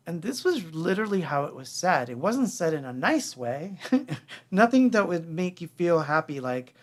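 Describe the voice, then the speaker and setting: A man's voice: on the high side, sing-song, moderate pace. A middle-aged man telling the story of his band in a casual livestream, candid and rambling, acting out what others said. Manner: candid, rambling, acts out quoted voices.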